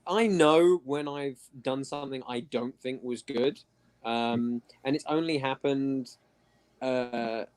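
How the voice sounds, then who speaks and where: A man's voice: medium pitch, takes it slowly, darkish tone, clear, resonant tone. An Englishman with a standard newsreader accent, a broadcaster and guest, chatting casually and laughing easily. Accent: standard southern English, newsreader style. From England. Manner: self-deprecating, laughs easily. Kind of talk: casual chat.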